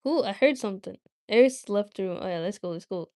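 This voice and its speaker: A woman's voice: mid-range voice, quick pace, warm tone, no echo, studio quality. A woman hosting a livestream, talking casually and giggling as she chats straight to her viewers. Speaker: livestream host.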